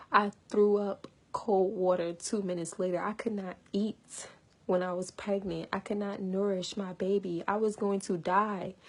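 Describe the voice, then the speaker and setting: A young woman vlogger with a mid-range, darkish voice talks passionately and earnestly to her viewers. It's an emotional, personal talk to camera, delivered in casual slang.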